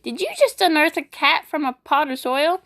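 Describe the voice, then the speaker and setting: A woman voice actor reading funny internet posts aloud, animated and playful, switching voices often. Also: high voice, moderate pace. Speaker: YouTube voice actor.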